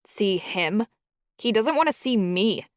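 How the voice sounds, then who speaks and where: A woman's voice: low voice, moderate pace, no room sound, studio quality, natural voice. A woman voicing a fierce, hot-tempered young woman shifter who talks sharply. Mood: defiant. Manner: sharp, snapping.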